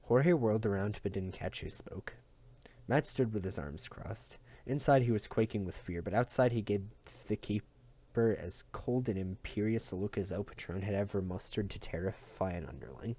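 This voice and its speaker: A man reading a novel aloud in a steady, even narration. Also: fairly low pitch, moderate pace, dull audio. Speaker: audiobook reader.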